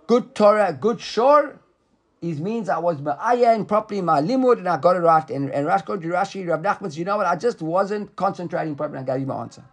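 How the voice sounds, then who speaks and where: A man leads a Talmud study session with a slightly higher voice. He explains each step with animation, slipping into the rabbis' lines as he reads them, and checks in with a student as he goes. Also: fast talker. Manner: lively explaining, acts out the rabbis' words, quizzes a student. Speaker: Talmud teacher. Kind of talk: explaining a text in a study class.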